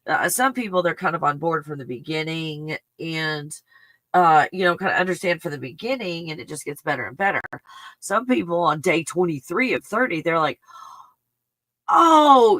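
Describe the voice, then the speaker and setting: A woman's voice: low voice, a bit bright, dry recording. A woman hosting a spiritual healing live stream, reading viewer comments and gushing with emotional exclamations.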